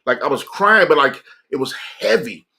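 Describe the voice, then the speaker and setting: Earnest male streamer with a bright, forceful voice, recounting a personal story casually. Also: a little high, animated, moderate pace, creaky. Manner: earnest, conversational, repeats phrases for emphasis. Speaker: livestreamer sharing a personal testimony.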